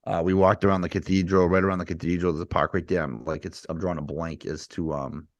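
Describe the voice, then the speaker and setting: Low-voiced laughing man from the Midwest. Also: quick pace, no echo. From Midwest, Missouri. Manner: animated storyteller, swears, laughs often. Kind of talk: casual chat.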